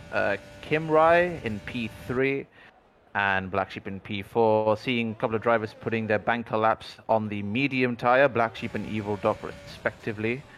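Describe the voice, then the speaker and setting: A man commentating on an online sim racing league, calling lap times and positions in a measured, analytical way. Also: fairly low pitch, fairly bright tone, a little hiss or hum. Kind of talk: race commentary.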